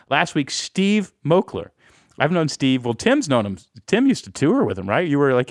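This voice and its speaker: Male podcast host, brisk and earnest, with a low voice and a dry, close sound. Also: no room sound. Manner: quick, earnest, openly enthusiastic. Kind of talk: casual podcast talk.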